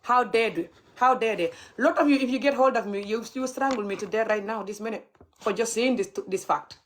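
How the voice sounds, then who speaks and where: A woman's voice: a little high, brisk, a little hiss or hum. A young adult woman, ranting heatedly and mockingly on a livestream as a vlogger. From Gambia. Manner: heated, mocking, laughs bitterly. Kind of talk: livestream rant.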